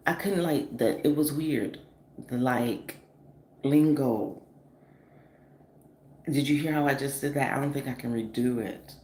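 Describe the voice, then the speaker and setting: A woman in her forties from the northeastern US telling a story in a casual, animated, profane vlog style, full of fillers. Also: a bass voice, unhurried, long pauses. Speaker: vlogger. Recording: echoey room with faint noise.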